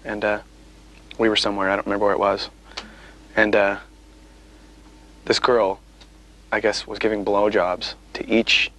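A man's voice: on the low side, fairly bright tone, poor audio. A man being interviewed as a musician, telling stories in a wry, rambling way with lots of fillers. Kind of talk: casual interview chat.

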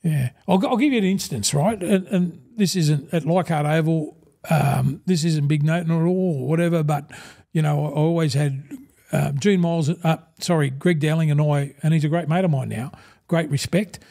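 This podcast guest, a sixty-something Australian and ex-rugby league forward, spins blokey, meandering yarns in casual interview storytelling, addressing everyone as "mate". He speaks at a normal speed with a highish, creaky, dark-toned voice.

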